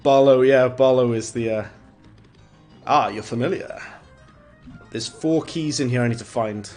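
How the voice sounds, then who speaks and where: Male streamer, mid-pitched, casual rambling play-by-play, chuckles at own jokes, faint game music behind. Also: unhurried, darkish tone. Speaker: gaming streamer. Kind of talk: casual gameplay commentary.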